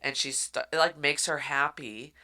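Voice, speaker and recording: Woman podcast co-host, animated storyteller, bright forward tone. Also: rumbling low, normal speed. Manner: animated storytelling, acts out quotes. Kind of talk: casual chat recapping a book.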